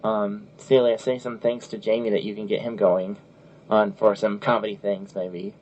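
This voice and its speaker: A man's voice: lowish voice, little pitch movement, moderate pace, a little mellow. A man hosting a casual podcast chat, talking loosely with frequent restarts and laughs. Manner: chatty, laughs often, restarts. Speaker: podcast host. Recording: lo-fi audio with faint noise.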